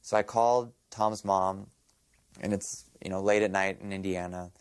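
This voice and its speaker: A young man recalling events in a documentary interview, halting and soft-spoken. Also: deep voice, steady tone, clean tone, no room sound.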